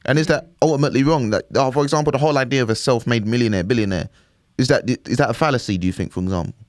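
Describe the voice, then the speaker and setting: A man's voice: medium pitch, very fast, dry recording, clean studio sound. Rambling man in casual podcast chat. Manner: rambling, fills with "do you know what I mean". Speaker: podcast co-host.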